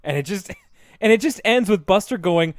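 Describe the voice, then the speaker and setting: A man co-hosting a podcast in casual chat, retelling cartoon scenes in an animated way, with lots of fillers and laughs. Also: high-pitched, moderate pace, no echo, clean studio sound. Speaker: podcast co-host.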